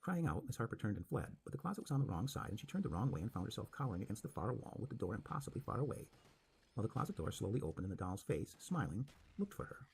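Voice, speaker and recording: A man reading a spooky story aloud with dramatic, expressive narration. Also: lowish voice, fast, creaky, husky.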